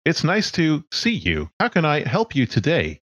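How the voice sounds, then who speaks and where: A man voicing a polite, scheming cyborg fixer who is part machine, speaking smoothly in a businesslike way. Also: fairly high pitch, wildly swooping pitch, normal speed, fairly bright tone, dry recording, muffled recording, pitched above the performer's own voice, exaggerated voice. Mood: welcoming.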